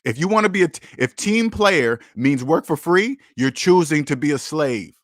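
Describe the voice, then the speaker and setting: A man's voice: a little high, lively intonation, moderate pace, no room sound, studio quality. A man hosting a casual livestream, talking bluntly and emphatically, with profanity and lots of repetition. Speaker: livestream host.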